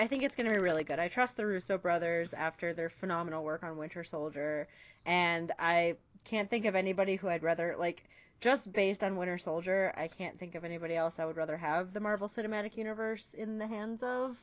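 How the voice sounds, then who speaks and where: A woman's voice: lowish voice, lo-fi sound. A young woman chatting casually as a podcast co-host, giggly and gushing, with lots of fillers. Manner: giggly, quick, gushing fan talk with many fillers. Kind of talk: casual chat.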